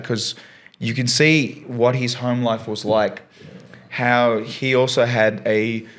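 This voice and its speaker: Male guest teacher, casual rambling storyteller, middle pitch. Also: fairly bright tone. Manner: earnest, rambling with many fillers. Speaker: science teacher, podcast guest.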